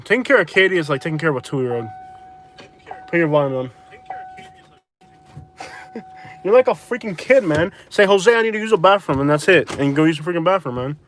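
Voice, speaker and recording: A man's voice: fairly high pitch, fairly bright tone, a little hiss or hum. A man from Florida rambling in casual chat while driving, talking to viewers and his passenger. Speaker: vlogger. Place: car.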